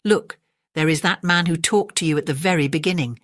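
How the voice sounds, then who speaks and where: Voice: medium pitch, brisk, fairly bright tone, no echo, studio quality, natural voice. A reader voicing a proud, demanding male crab who bargains with a magician in a bedtime storybook. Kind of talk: storybook reading.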